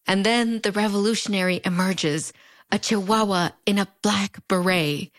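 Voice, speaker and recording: A woman in her thirties with a fronterizo accent from the US–Mexico border narrates a scripted video essay at a normal speed. She sounds wry and conversational, swinging her pitch in big playful arcs. The recording is dry and studio quality, with background music.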